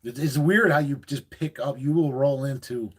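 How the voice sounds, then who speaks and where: Man, gruff and joking, mid-pitched voice, casual storytelling. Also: moderate pace. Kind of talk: casual livestream chat.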